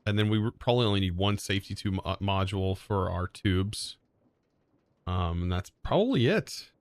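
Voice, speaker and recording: A man's voice: sits low, expressive, moderate pace, no room sound. A young man streaming a game live, thinking aloud in a hesitant way and often correcting himself mid-sentence. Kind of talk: live gameplay commentary.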